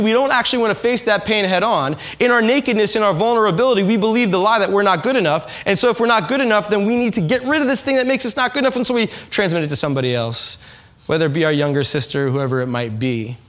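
A man's voice: high voice, fairly bright tone. A man preaching a conversational sermon to a congregation, asking them questions and acting out quoted voices. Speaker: pastor. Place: church in front of a congregation.

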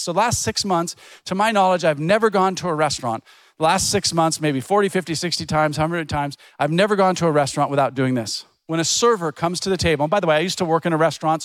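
A man's voice: a little high, no echo. A middle-aged man preaching a sermon as a pastor, telling stories in a conversational way and acting out the voices of people he quotes. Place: church.

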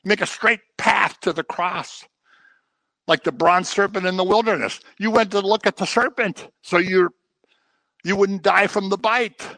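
A middle-aged man preaching a sermon, lively and dramatic, slipping into the voices of the people he describes. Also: high voice, a little slow, no room sound. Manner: animated, acts out voices of people he quotes. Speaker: pastor.

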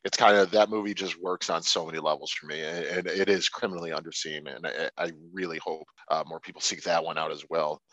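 On a casual podcast about movies, a man talks fast and animatedly with few pauses, swearing freely and mimicking people in sudden high voices. The recording has no echo but a dull lo-fi sound.

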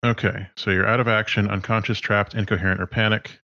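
Lowish-voiced man running a tabletop game. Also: gravelly, dry recording, lo-fi sound. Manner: explains rules, relaxed and halting. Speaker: game master.

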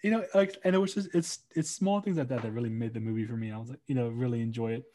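A man's voice: mid-range voice, rapid-fire. A man chatting casually about a movie with friends, rambling and acting out lines from scenes. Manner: relaxed, rambling, acts out quotes.

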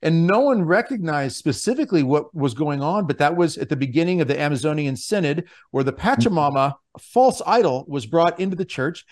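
An earnest male podcast host with a slightly high voice. He talks eagerly and often restarts his phrases. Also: lively intonation, fairly quick, few pauses, a little mellow. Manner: enthusiastic and earnest, with many restarts. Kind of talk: casual podcast hosting.

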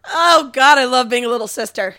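A woman with a bright, fairly high voice, chatting on a podcast in a teasing way. She laughs often, and the sound is close and dry. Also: fairly quick, creaky, no echo. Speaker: podcast co-host, younger sister. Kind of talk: casual chat.

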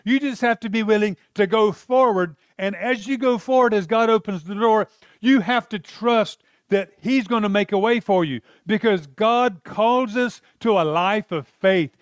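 A man with a high voice preaching a sermon. He talks earnestly and conversationally, mixing asides and light laughs into his message. The sound is dry and close, with no room echo. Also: moderate pace, dull audio.

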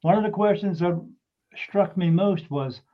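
Man with a high voice, muffled lo-fi recording. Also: a little slow. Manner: animated, swears freely, frequent restarts and fillers. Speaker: guest telling a personal story. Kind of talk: casual spoken storytelling. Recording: dull lo-fi recording.

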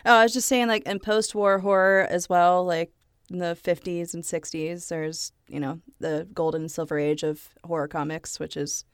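A woman's voice: on the low side, fairly even intonation, moderate pace, clean tone, no room sound, clean studio sound. Giggly woman reading podcast notes. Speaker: podcast co-host. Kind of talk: reading notes in casual chat.

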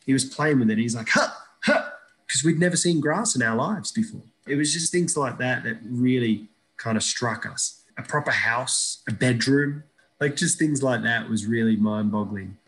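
A man from Iraq, a guest in an interview, telling stories in a lively, casual way and often checking in with "right?". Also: medium pitch, normal speed. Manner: animated storyteller who tags lines with "right?". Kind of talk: casual storytelling chat.

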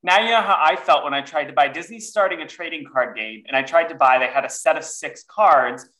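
Dramatic guy on a podcast, swears a lot, bright voice, kinda echoey room. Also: fairly high pitch, brisk. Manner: expressive, swears freely, dramatic. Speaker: co-host. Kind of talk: casual podcast chat.

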